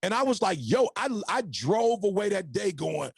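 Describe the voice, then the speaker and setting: A man's voice: high-pitched, big pitch swings, moderate pace, vocal fry, hardly any pauses, husky, no echo. A man and podcast guest telling his life story in a punchy, preacher-like motivational style, speaking to the audience as y'all.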